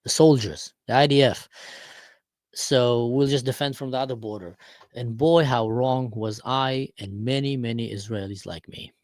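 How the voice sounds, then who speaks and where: A man giving an opinionated vlog commentary, talking in an animated, emphatic way with storytelling. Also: mid-range voice, dry recording, studio quality.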